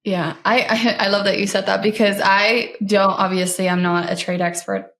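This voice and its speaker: A woman's voice: mid-range voice, level tone, moderate pace, a bit bright. Chatty woman podcast host, roomy sound. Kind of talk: casual chat.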